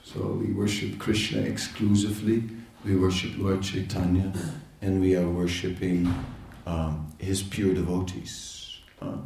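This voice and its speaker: A man giving an informal spiritual lecture, talking in a conversational, halting way with many fillers and laughing asides. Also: low voice, little pitch movement, creaky, darkish tone, distant mic, slight background noise. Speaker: spiritual teacher. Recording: echoey room, voice from off-mic.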